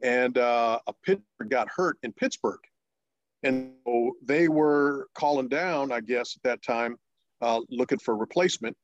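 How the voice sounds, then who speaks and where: A man in his fifties, a former professional pitcher, telling stories in an interview, halting with many fillers and restarts, and jumping up in pitch when he acts out excited voices. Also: dry recording, dull audio. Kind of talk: storytelling interview.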